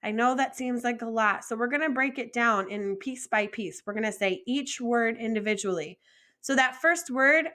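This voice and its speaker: A woman teaching a recorded French lesson, modeling phrases slowly and clearly for students to repeat, with friendly encouragement. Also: high-pitched, bright, forceful tone.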